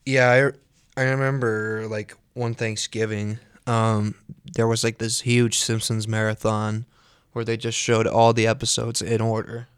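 Male radio co-host, smooth clear voice, upbeat casual chatter, dry studio sound. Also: on the low side, little pitch movement, a little slow, no echo. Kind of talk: casual chat.

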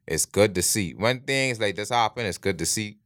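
A man's voice: fairly low pitch, animated, normal speed, fairly bright tone, no room sound, clean studio sound. A man, co-hosting a casual chat in a laid-back way, laughing often. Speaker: podcast co-host.

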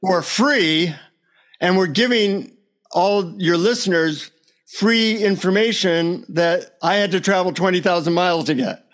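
A man speaks as a podcast guest over a remote call. His voice is fairly high for a man. He tells anecdotes in an animated way and often chuckles. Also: a little slow. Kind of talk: casual storytelling interview.

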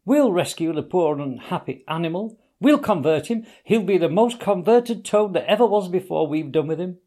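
A man voicing a hearty, eager male water rat who speaks brisk and keen in a storybook reading. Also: sits high, expressive, mellow, voice pushed up.

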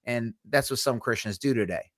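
A man co-hosting a Christian podcast, speaking emphatically and deliberately, repeating key lines for effect. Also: mid-range voice, fairly bright tone, no room sound, clean studio sound. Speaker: podcast co-host. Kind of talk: casual Christian podcast talk.

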